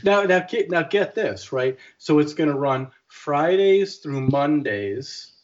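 A man's voice: on the high side, lively intonation, slow, highs cut off. A man co-hosting a podcast in casual chat, rambling with many restarts. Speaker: podcast co-host.

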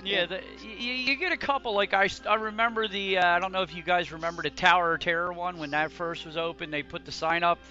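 A man's voice: high voice, fairly even intonation, fast, hardly any pauses, sharp tone, soft background music. A man hosting a casual podcast chat, rambling and stammering through restarts. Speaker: podcast host. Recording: slightly dull lo-fi audio.

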